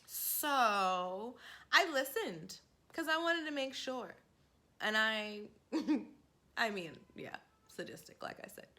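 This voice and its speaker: Bright-voiced woman in her forties telling a story. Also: high voice. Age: 40s. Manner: candid, laughing, animated quoting. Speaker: vlogger. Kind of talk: casual storytelling to camera.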